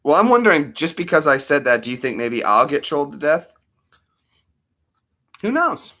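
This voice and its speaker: Casual vlogger, middle-aged American man, lively pitch, rambling and jokey. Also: moderate pace. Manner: jokey, slips into silly mock accents.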